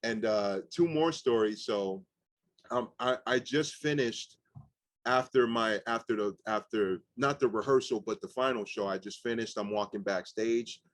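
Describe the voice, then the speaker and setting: A young man, a rapper and guest, telling animated stories casually with lots of fillers and swearing. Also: on the low side, measured pace, dry recording. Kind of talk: casual storytelling interview.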